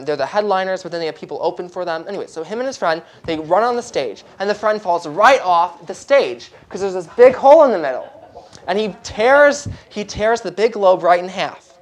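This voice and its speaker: A woman host talks through celebrity gossip in a loose, rambling way. She turns to the audience often and urges them to clap along. Her voice sits a little low for a woman. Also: lively intonation, a little fast. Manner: chatty, rambling, keeps asking the audience to clap. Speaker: show host.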